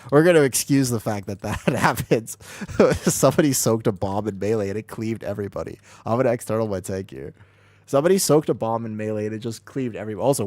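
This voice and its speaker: A man streaming an online game as a healer, rambling excitably through casual commentary, swearing freely and laughing often. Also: on the low side, no room sound. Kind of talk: casual live gameplay commentary.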